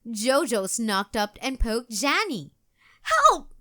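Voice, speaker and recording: A woman reading a children's book aloud in a gentle, expressive storytelling manner. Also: on the high side, takes it slowly. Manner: gentle, expressive, sing-song.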